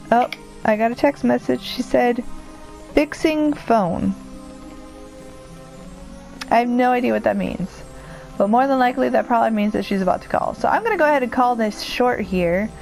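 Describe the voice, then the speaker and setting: Her voice is medium in pitch and darkish, with noticeable vocal fry, and the recording is rough. The young woman gives casual gameplay commentary as a let's play commentator, rambling, chatty, and self-deprecating.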